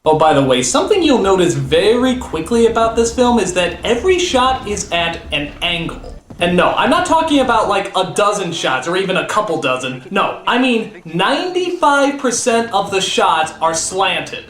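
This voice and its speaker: Sarcastic man with shouting outbursts. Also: sits high, big pitch swings, normal speed, few pauses, roomy sound, slight background noise. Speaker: comedic film critic. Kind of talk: comedic review rant.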